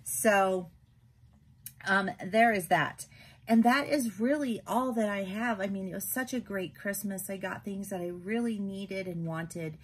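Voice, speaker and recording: A woman's voice: medium pitch, measured pace, slightly rough. A middle-aged woman hosting a craft vlog, chatting casually and gushing, with lots of ums. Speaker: craft channel host.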